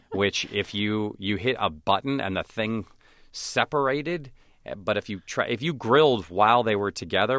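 A man with a very low but bright, forceful voice, talking in an interview. He tells stories in an animated way and slips into other people's voices. The sound is dry and close. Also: no room sound. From United States. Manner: animated storyteller who acts out voices of others. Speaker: actor and comedian guest. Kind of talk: conversational interview.

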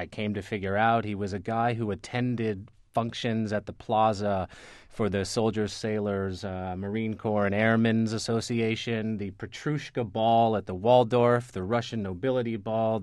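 A man, a newspaper reporter, telling anecdotes in a relaxed interview, full of restarts, fillers and repeated words. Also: lowish voice, smooth, dry recording, clean studio sound. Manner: rambling, many restarts and fillers. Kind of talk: conversational interview storytelling.

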